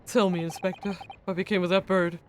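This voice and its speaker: A woman's voice: fairly low pitch, level tone, fairly quick, background noise, lightly acted. A woman doing a sly formal nobleman.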